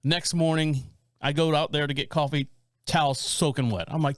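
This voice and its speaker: A man's voice: fairly high pitch, moderate pace. A man in his forties co-hosting a podcast, telling a long story with lots of restarts. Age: 40s. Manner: rambling, animated storytelling with frequent restarts. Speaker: podcast co-host. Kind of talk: casual storytelling chat.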